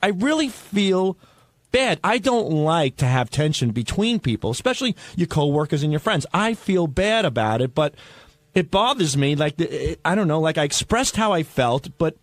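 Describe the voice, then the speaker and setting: Man on a radio show, defensive and rambling, fairly high voice with a lot of rise and fall, laughs things off. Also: sing-song, normal speed, no echo. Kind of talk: heated on-air argument.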